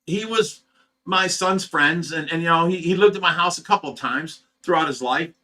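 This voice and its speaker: A man's voice: a little high, moderate pace, pushed and bright. A middle-aged man from Ohio who runs a fish rescue, venting at home in a casual, agitated monologue, stumbling over repeated words. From Ohio, USA.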